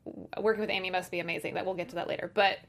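A woman's voice: fairly low pitch, flat delivery, racing, gravelly. Chatty woman co-hosting a podcast. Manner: chatty, lots of fillers. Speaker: podcast co-host. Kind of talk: casual recap chat.

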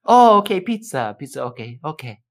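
A man's voice: on the high side, sing-song, a little fast. A man voicing a bashful young male celebrity who stammers through broken English. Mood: meek.

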